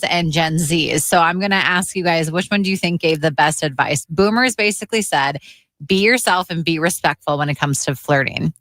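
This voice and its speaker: A woman co-hosting morning radio in a somewhat low voice. She reads items chattily and puts questions to the room. The studio sound is dry and close. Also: fairly bright tone, no room sound. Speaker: radio show co-host. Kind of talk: reading news items on air.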